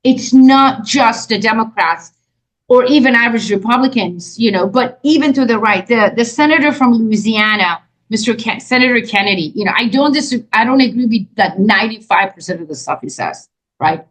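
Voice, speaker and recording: A woman's voice: a little high, moderate pace, poor audio. A woman co-hosting a casual political chat, telling examples emphatically and chiming in with agreement. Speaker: co-host. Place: home, lives by the ocean in Florida.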